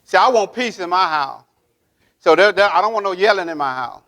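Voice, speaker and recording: High-voiced man preaching a sermon. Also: expressive, fairly quick, a bit bright. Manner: preaching with call-and-response questions to the congregation; emphatic, repeating key phrases. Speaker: pastor. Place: church sanctuary.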